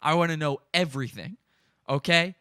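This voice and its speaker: A man with a bright, forceful voice that sits a little high for a man hosts a podcast. He gives gleeful, mocking play-by-play of stream footage and often laughs. The sound is dry and close. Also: normal speed, smooth, dry recording. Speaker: podcast host. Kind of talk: live commentary on stream footage.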